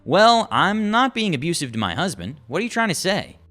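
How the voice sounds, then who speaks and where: A man's voice: high voice, very animated, fairly quick, a bit bright, pitched above the performer's own voice. A man reading the lines of an entitled, condescending wife demanding a hotel key. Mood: yelling. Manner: indignant, condescending. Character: entitled demanding wife, middle-aged woman.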